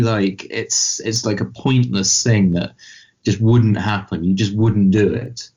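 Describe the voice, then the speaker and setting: A man co-hosting a podcast, chatting casually and rambling about a film with animated asides. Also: on the low side, a little slow. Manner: rambling, animated, mimics voices in quotes. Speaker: podcast co-host. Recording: dull lo-fi podcast mic.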